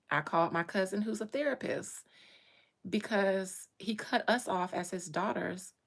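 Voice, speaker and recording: A woman's voice: mid-range voice, fairly bright tone. A woman, telling her own life story with strong feeling and repeating phrases for emphasis. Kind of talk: emotional personal storytelling.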